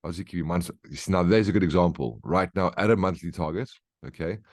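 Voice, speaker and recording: Deep-voiced guy doing a chatty trading rundown, keeps asking "right?", dry close sound. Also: animated, fast, darkish tone, no room sound. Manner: conversational, keeps checking in with "right?" and "okay?". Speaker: trading educator. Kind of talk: market briefing over charts.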